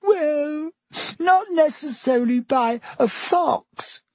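A man's voice: very high voice, lively intonation, takes it slowly, a little mellow, no echo, voice pushed up, full character voice. A man voicing a melodramatic teenage schoolgirl who wails and sobs over her loss in a storybook reading. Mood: sobbing. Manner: wailing, sobbing, tragic.

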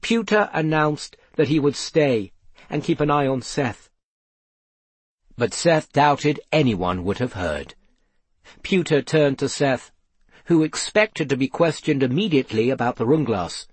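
A man narrating a children's storybook in a measured, steady way. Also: medium pitch, slightly rough, no echo. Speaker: audiobook narrator. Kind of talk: scripted narration.

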